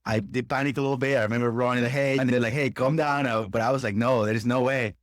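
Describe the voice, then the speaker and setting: A man talking in a casual conversation, earnest and halting as he recounts a hard event. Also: medium pitch, steady tone, no room sound, studio quality. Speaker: podcast co-host.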